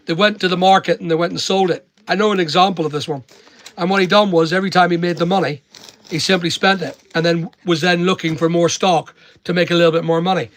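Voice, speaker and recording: A middle-aged man from Northern Ireland, an online seller who hosts livestreams, chats casually with a Northern Irish accent while answering comments and handing out blunt, preachy money advice. His voice is high, steady and a bit bright, and he talks fast.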